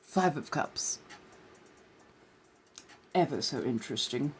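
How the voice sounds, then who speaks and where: A woman's voice: rumbling low, expressive, slow pace, slight background noise. A woman hosting a live stream in character as an ancient vampire, chatting and reading tarot with theatrical, old-fashioned genteel phrasing.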